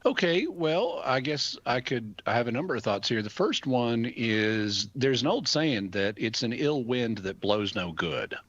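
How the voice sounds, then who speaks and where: Bright-voiced man explaining things at length. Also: medium pitch, expressive, measured pace, few pauses, no echo, highs cut off. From United States. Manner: thoughtful, explains at length with examples. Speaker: guest expert. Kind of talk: casual explanatory radio talk.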